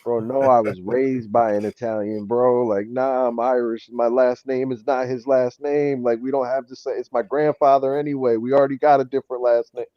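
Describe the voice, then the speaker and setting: A man hosting a casual chat, telling stories in an animated way and saying "bro" a lot. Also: medium pitch, moderate pace, few pauses, no room sound, muffled recording. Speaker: show host.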